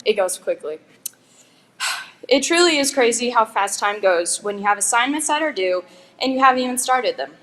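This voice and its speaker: A woman's voice: a little high, lively intonation, normal speed, a bit bright. A young woman, a graduating valedictorian, giving a chatty, joking commencement speech with giggling asides. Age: young adult. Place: school graduation ceremony.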